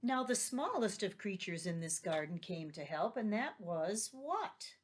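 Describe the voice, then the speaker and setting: A woman's voice: medium pitch, very animated, a little slow. A woman teacher reading a children's story aloud and patiently explaining vocabulary and asking questions. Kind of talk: read-aloud vocabulary lesson.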